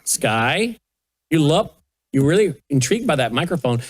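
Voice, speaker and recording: An older man, the host, gently coaxing and baby-talking with a small child at a studio news desk. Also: a little high, big pitch swings, moderate pace. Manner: soft coaxing baby talk. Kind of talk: casual chat with a toddler on air.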